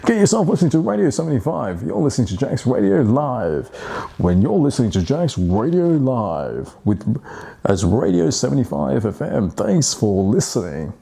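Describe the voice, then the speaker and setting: A man's voice: mid-range voice, sing-song, moderate pace, vocal fry, dark tone. A man doing a radio announcer voice. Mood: announcing. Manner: announcer delivery, practised. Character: smooth male radio announcer.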